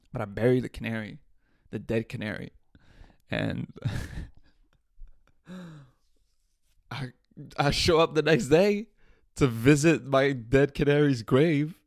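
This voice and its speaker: A man's voice: mid-range voice, no room sound. Male podcaster, casual profane storyteller, dry close sound. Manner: profane, animated storytelling with laughs. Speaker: podcast host.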